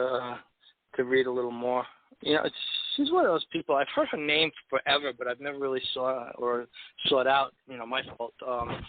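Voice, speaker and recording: A man hosting a live poetry call-in show, chatting in a halting way with lots of repeated words and fillers. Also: medium pitch, no echo. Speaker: host. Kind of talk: casual chat. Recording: tinny phone-like line.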